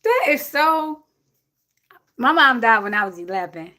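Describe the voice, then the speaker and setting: Blunt, animated woman in her forties. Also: on the high side, unhurried. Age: 40s. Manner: blunt, animated, preachy advice with swearing. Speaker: livestream host giving advice to a viewer. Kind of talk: casual livestream chat.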